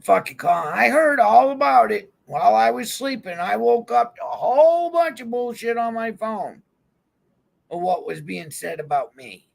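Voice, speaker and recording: A man's voice: high voice, animated, moderate pace, creaky. A man on a vlog in a heated, swear-filled rant, calling people out directly. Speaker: YouTube vlogger. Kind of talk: angry profane rant to camera. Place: van.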